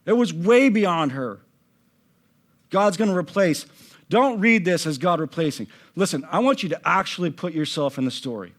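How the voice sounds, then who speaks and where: Impassioned male pastor, loud to hushed. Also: fairly high pitch, animated, fairly quick. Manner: impassioned, swings from loud emphasis to hushed near-whisper. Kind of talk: sermon. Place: church stage.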